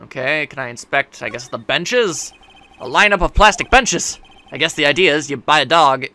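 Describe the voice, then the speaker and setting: A man's voice: fairly high pitch, lively intonation, moderate pace, sharp tone. A man giving casual, joking, rambling gameplay commentary as a let's play host. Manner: joking, rambling, laughs often.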